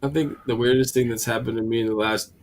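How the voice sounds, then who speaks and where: A man's voice: medium pitch, fast. Rambling casual man chatting. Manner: rambling, animated, swears often. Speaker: host. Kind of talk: casual chat.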